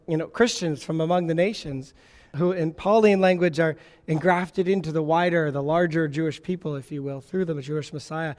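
A man's voice: a little high, a little mellow. A man preaching a sermon to a congregation, earnest and teaching, lifting his voice when he quotes scripture. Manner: earnest teaching, quotes Moses and God in a lifted voice. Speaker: messianic Jewish congregational leader. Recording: long hall reverb.

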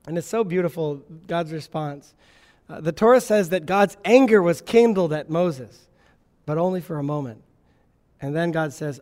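Man, sermon, earnest teaching tone, fairly high voice, long hall reverb. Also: moderate pace, a little mellow. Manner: earnest teaching, quotes Moses and God in a lifted voice. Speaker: messianic Jewish congregational leader.

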